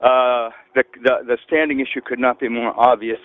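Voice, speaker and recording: A male caller talking over the phone on a radio show, emphatic and quick. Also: mid-range voice, steady tone. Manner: fast and emphatic. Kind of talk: call-in on a phone. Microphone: phone on speakerphone. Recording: dull lo-fi phone line.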